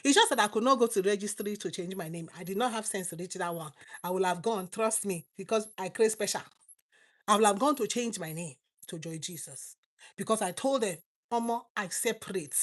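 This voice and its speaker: A middle-aged Nigerian woman preaching a fervent sermon to online viewers, swinging between loud exclamations and low asides. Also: fairly quick.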